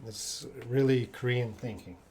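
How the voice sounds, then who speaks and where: A man's voice: mid-range voice, a little slow, warm tone, slight background noise. A Canadian man teaching English in a live online lesson, answering viewers' questions and repeating key words for learners. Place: living in Korea.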